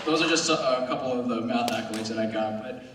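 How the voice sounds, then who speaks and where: A man's voice: mid-range voice, fast, fairly bright tone, a faint crowd, a little hiss or hum. A teenage boy doing a rambling, self-mocking stand-up comedy set at a school show. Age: teens. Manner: casual, rambling, self-mocking, with brief put-on voices. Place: school auditorium stage. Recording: very echoey hall recorded from far off.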